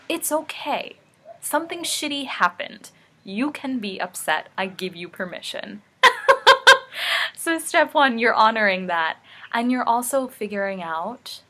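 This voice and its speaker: A woman's voice: mid-range voice, fairly bright tone. A young adult woman coaching viewers through steps, emphatic and repetitive, with casual swearing. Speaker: life coach. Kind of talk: motivational teaching talk.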